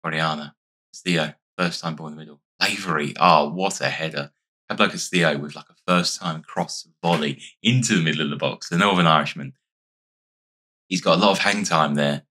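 A man with an extremely low voice narrates his video game in a loose, chatty way, thinking out loud between plays. His voice is hoarse and worn, yet it keeps a bright, pushing edge. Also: fairly quick. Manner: chatty, thinking aloud while playing. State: losing his voice. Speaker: gaming YouTuber. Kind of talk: casual let's-play commentary.

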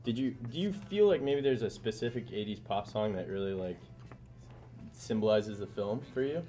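Hesitant male interviewer with a lowish voice. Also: animated, mellow, soft background music. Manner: hesitant, halting question. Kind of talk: casual interview questions.

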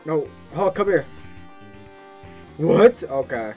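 A young man gives loud, excitable gameplay commentary, yelping and cursing as he plays. His voice sits high, swings widely in pitch and has a husky edge. The recording is dull and muffled, with faint game music behind him. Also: measured pace. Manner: excitable, yelps and swears at the game. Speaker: gameplay streamer.

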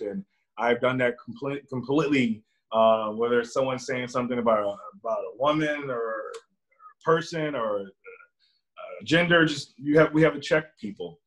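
A man's voice: medium pitch, a bit bright. A young man, a guest in a casual conversation, speaking earnestly with frequent restarts and fillers. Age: young adult. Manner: earnest, halting, many restarts.

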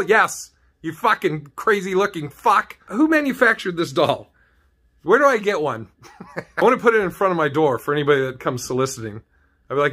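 A man's voice: sits high, very animated, normal speed, bright, forceful tone, slightly rough. A man ranting comedically on his vlog, swearing a lot, laughing often and rambling from thought to thought. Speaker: vlogger. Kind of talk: comedic rant.

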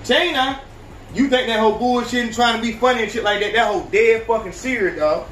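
Podcast host, high-pitched man, profane animated ranting, echoey room with faint hiss. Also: fast, distant mic. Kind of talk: profane reaction commentary.

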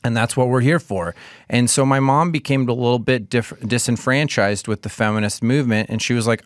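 A man's voice: mid-range voice, fairly quick, dry recording. A man guesting on a podcast in a studio, telling long rambling stories in casual chat. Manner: rambling anecdotes with restarts and profanity. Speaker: comedian guest. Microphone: studio mic.

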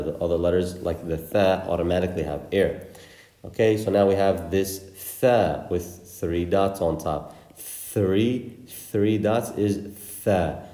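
A man with a low, mellow voice, recorded in an echoey room, teaches the Arabic letters for Quran recitation. The lesson patiently drills each sound through repeated examples.

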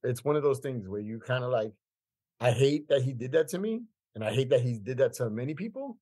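Husky man in his fifties, emphatic podcast guest, mid-range pitch. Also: animated, brisk, mellow. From Queens, New York. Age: 50s. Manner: emphatic, repeats phrases for weight. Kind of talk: conversational storytelling.

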